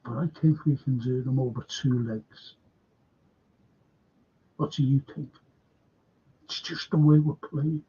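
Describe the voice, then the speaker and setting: A man's voice: mid-range voice, steady tone, takes it slowly, long pauses, warm tone, husky, muffled recording. A man with a Liverpool accent hosting a casual live stream, chatting and reading out viewer comments. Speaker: fan channel host.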